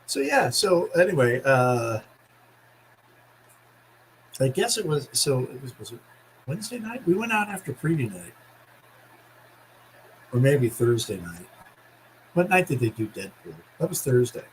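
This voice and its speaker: A man's voice: unhurried, pauses often, slight background noise, poor audio. A middle-aged man chatting casually on a podcast, acting out other people's voices as he tells a story and laughing often. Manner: animated storyteller, acts out quoted voices with big pitch jumps, laughs often. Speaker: podcast co-host.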